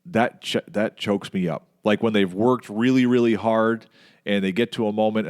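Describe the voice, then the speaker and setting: Animated storytelling man, low voice. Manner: animated storyteller, mimics yelling in a much higher voice. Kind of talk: casual chat.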